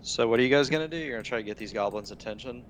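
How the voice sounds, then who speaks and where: A man's voice: mid-range voice, rapid-fire, slight background noise. A young man narrating as game master in a laid-back, matter-of-fact way.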